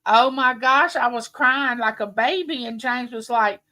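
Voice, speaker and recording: Slow-talking woman in her late fifties. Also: on the high side. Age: late 50s. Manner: chatty, warm, rambling storytelling with viewers. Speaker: livestream host. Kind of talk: casual live-stream chat.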